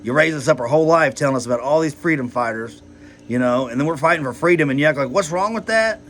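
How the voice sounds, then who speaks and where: A man's voice: mid-range voice, fast, a little hiss or hum. A man rambling heatedly in a personal vlog, swearing a lot and filling his talk with "like" and "you know". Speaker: vlogger.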